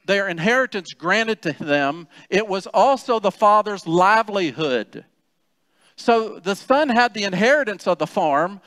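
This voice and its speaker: A man's voice: high-pitched, fairly bright tone, no echo, big-room sound. A man preaching a sermon as pastor, talking conversationally with rhetorical questions and acted-out quotes. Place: church sanctuary.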